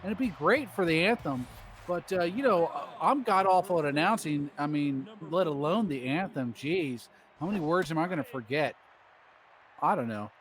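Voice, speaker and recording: A man's voice: a little high, lively intonation, normal speed, fairly bright tone. A man doing rambling, jokey play-by-play commentary on a baseball video game stream.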